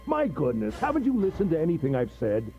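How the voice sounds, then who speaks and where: A sadistic gentleman captor. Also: fairly high pitch, huge pitch swings, a little fast, dull audio, soft background music. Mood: taunting. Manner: polite, taunting, cackling. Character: sadistic gentlemanly male captor, cold and mocking.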